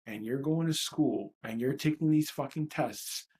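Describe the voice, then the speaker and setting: A man's voice: medium pitch, a little slow, darkish tone. A man in his thirties from New York, coaching an EFT tapping session with a raw, profane, emotionally charged monologue that repeats phrases for emphasis. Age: 30s.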